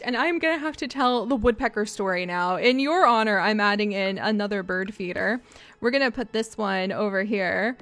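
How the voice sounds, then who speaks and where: A young woman live-streaming a life-sim game, bubbly and excitable, gushing thanks to her chat. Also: medium pitch, normal speed, no echo.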